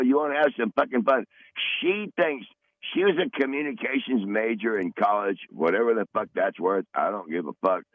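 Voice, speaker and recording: A man's voice: mid-range voice, no room sound. Brief: man, 60s, podcast regular caller; profane, boastful rambler; tinny phone audio. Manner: combative, swearing, boastful. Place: in his van.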